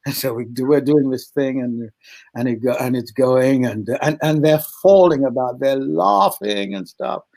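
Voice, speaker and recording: A man's voice: medium pitch, normal speed, gravelly, poor audio. An older man with a British accent, an actor telling stories as a podcast guest and acting out the voices of the people in them. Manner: animated storyteller, acts out voices, frequent laughs and restarts. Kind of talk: storytelling in a podcast interview.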